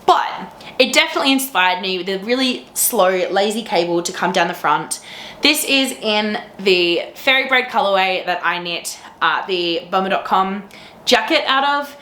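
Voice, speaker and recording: Woman, podcast host, bright enthusiastic chatter, echoey room, some faint noise behind. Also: medium pitch, expressive, moderate pace. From Australia. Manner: gushing, enthusiastic, laughs often. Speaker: teacher. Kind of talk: casual chat to camera.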